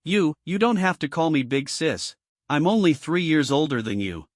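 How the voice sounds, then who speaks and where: A man reads a gentle, tipsy young woman in a storybook recap, speaking with shy hesitation. The pitch moves lively and the sound is close and dry. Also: moderate pace, no echo.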